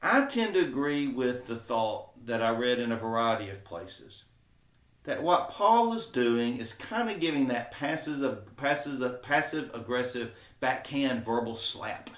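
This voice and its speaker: Man, Bible study teacher, mid-pitched voice, casual explaining, echoey church room. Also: expressive, a little slow, fairly bright tone. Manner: informal, explains aloud with many fillers; acts out quoted speech with sarcasm. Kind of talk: conversational Bible lesson. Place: church classroom. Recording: roomy echo.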